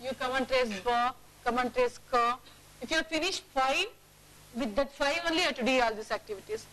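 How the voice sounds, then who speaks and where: A woman teacher leading a classroom phonics lesson, drilling words aloud and checking the class with quick questions. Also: high-pitched, fairly bright tone, slight background noise, poor audio.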